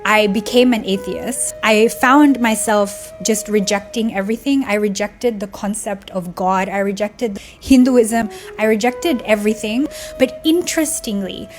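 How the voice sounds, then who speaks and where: A woman's voice: medium pitch, measured pace, hardly any pauses, faint music behind. A young woman vlogger telling a heartfelt personal story in a casual, conversational way, tearing up at times. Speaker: spiritual vlogger.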